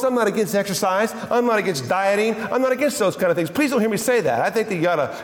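A man preaching a sermon, emphatic and repetitive, dropping his voice low and slow for scripture. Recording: echoey hall with long reverb.

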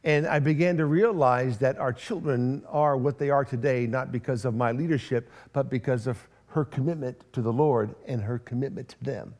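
A man's voice: medium pitch, normal speed, few pauses. A middle-aged man preaching a sermon as pastor, telling a family story with humor and acting out both sides of the conversations. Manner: animated storytelling, acts out both sides of dialogue, self-deprecating humor.

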